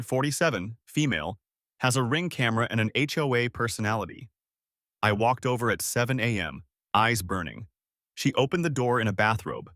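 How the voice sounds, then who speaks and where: A man telling a first-person story with a dramatic, emphatic delivery. His pitch moves a lot across a middle register, and the voice sounds dry and close to the mic. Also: sharp tone, no room sound.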